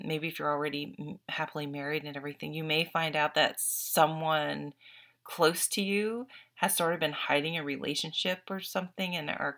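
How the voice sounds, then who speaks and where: A woman with a notably low voice talks through a tarot reading in a casual, heartfelt way. She is earnest and openly emotional, speaking as a young adult reading the cards for her viewers. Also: gravelly, a bit bright. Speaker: tarot reader.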